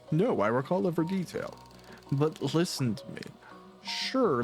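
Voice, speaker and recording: Cha-Cha, a man doing a bragging little masked game creature who spins tall tales in broken pidgin. His delivery swoops up and down with faint game music underneath. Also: medium pitch. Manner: broken pidgin speech, exaggerating. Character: bragging tall-tale-telling small male masked creature.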